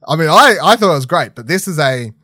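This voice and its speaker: A man's voice: a little high, very animated, quick pace, sharp tone, no echo, studio quality. A man co-hosting a podcast who chats casually about films, rambling with restarts, swearing freely and laughing often. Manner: laughs often while telling stories. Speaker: podcast co-host. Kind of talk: casual chat reviewing films.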